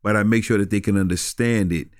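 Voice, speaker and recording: A pastor, a man, talks through his memories in a relaxed interview. His speech halts and circles back on itself, with frequent laughter. The sound is dry and close, with no room echo. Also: on the low side. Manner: halting, repeats words, laughs often. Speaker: pastor and guest. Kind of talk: casual conversational interview.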